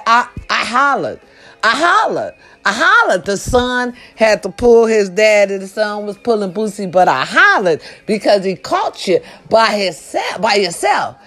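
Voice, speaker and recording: A woman delivering a comedic rant to her viewers, loud and profane, hollering with big swings in her voice. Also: medium pitch, big pitch swings, measured pace.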